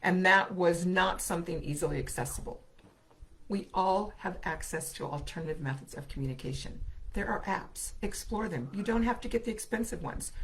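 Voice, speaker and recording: Middle-aged woman, speech therapist, earnest talk to parents, expressive, keeps asking right. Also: lowish voice, normal speed, slight background noise. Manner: earnest, expressive, asks listeners "right?" often. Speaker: autism specialist and speech therapist. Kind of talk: presentation to parents.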